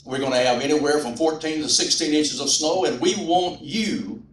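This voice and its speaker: A man's voice: on the high side, normal speed, slight background noise, voice pushed up, natural voice. A man quoting a radio weather announcer in a formal announcing tone. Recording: roomy, distant mic at a rally.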